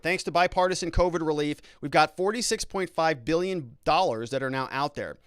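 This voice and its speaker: Man, middle-aged, legal commentary host, sarcastic, mocking, somewhat high voice, dry close-miked sound. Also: fairly bright tone, dry recording. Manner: mocking, sarcastic, addresses viewers as folks.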